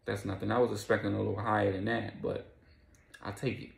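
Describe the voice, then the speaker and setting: Man doing a blunt female crime boss, gravelly low voice, echoey room. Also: flat delivery, brisk. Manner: blunt street talk.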